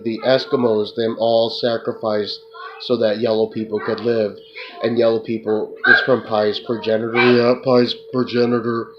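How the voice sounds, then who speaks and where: Man, rambling profane monologue, flat monotone, muffled lo-fi recording, loud hiss. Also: medium pitch. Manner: repetitive, profane, tacks on "duh"; addresses an unseen listener. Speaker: self-described remote viewer.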